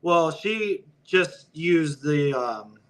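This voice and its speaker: A man's voice: on the high side, lively intonation, drawn-out words, rough recording. A male podcast guest in casual interview chat, blunt, profane and opinionated.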